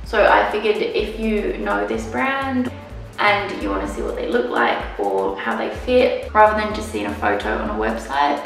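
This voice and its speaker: A woman's voice: mid-range voice, creaky. A young woman vlogging casually at home, candid and chatty, fond but exasperated while looking after a puppy. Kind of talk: casual chat to camera. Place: room in her house. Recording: very echoey room, audible background noise.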